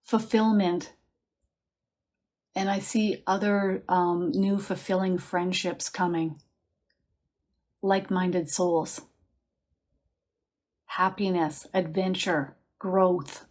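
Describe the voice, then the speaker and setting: A woman working as a psychic medium, giving a live reading in a chatty, reassuring manner with soft laughs, guiding listeners to relax and feel the answers in their bodies. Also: fairly low pitch, steady tone, slow, long pauses.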